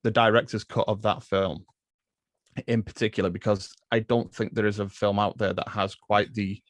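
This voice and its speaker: Man, English accent, lowish pitch, dry close sound, hesitant, chatty guest. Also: little pitch movement, normal speed, no echo. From England. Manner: hesitant, many fillers and restarts, laughs often. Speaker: podcast guest, film podcaster. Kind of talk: casual chat.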